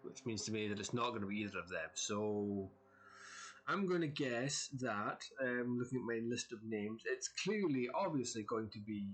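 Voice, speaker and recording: A man's voice: on the low side, a little hiss or hum. A man doing let's play commentary, joking around and reading all the parts of the game himself. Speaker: let's player.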